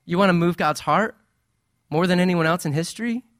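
Man preaching in a lively, conversational way. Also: high voice, fairly quick, no room sound, clean studio sound. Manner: conversational, animated preaching with playful asides. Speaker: pastor. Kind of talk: sermon.

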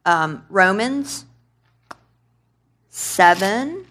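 A woman preacher giving a sermon in a conversational, animated way, asking the congregation questions. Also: mid-range voice, drawn-out words, slight background noise. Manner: conversational, animated, quizzes the audience.

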